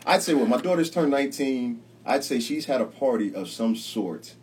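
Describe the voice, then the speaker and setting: A man's voice: medium pitch, expressive, normal speed, breathy edge. Laid-back man, slightly distant mic. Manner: laid-back, laughs often, shouts out listeners. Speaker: podcast host. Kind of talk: casual chat. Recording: slightly distant mic, faint background noise.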